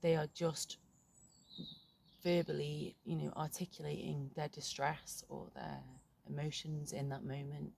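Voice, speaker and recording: A middle-aged woman talking frankly in a reflective vlog, halting and swearing casually, recorded outdoors in a garden. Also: low voice, level tone, creaky, a little mellow, a little hiss or hum. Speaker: vlogger.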